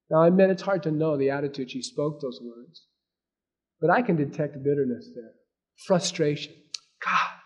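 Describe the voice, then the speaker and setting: A male preacher delivering a sermon with a slightly raised pitch. He surges into loud, emphatic lines, then drops to near-whispered asides. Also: brisk, muffled recording. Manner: dynamic preaching, swinging between loud emphasis and hushed asides. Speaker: pastor.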